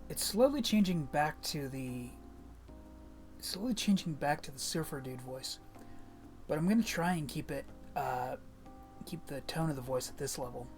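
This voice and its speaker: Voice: medium pitch, expressive, normal speed, a little mellow. Casual streamer swearing over game music. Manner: loose, self-deprecating, swears casually. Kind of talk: casual live-stream commentary.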